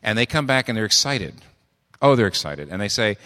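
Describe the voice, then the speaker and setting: A man's voice: mid-range voice, big pitch swings, normal speed, pushed and bright, long reverb tail. A man preaching a sermon in a conversational way, asking rhetorical questions and often restarting his sentences. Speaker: pastor.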